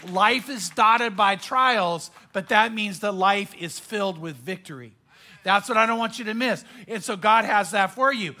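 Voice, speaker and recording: A man preaching a sermon as pastor, emphatic, with repeated phrases and dramatic pauses. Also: sits high, bright, forceful tone.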